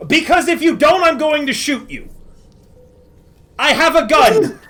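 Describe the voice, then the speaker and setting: A woman's voice: sits high, very animated, normal speed, soft background music. Woman playing Merritt, a sputtering gang boss. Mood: threatening. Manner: sputtering, stammering, incredulous. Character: flustered male gang boss, exasperated.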